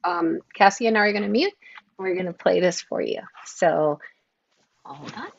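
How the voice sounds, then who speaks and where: A woman's voice: fairly low pitch, normal speed, gravelly, a little hiss or hum. A woman co-hosting a true-crime livestream, chatting casually and greeting viewers by name with bubbly energy. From Oklahoma. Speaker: podcast co-host. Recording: dull lo-fi stream audio.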